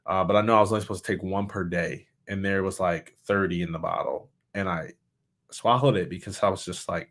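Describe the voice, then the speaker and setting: A man who is a motivational speaker, talking candidly in a reflective, halting way, often restarting his sentences. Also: deep voice, fairly even intonation. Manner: candid, halting, with many restarts and soft laughs. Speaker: motivational speaker and suicide survivor. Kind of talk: personal reflective talk.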